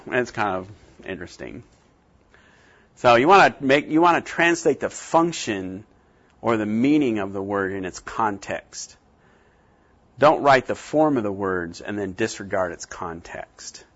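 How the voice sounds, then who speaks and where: A man lecturing a class, lively and chatty, his voice jumping high whenever he acts out a scene. He has a mid-pitched voice. The recording is a bit dull and lo-fi. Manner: animated, acts out scenes with big jumps in pitch. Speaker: teacher. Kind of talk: classroom lecture on Bible translation.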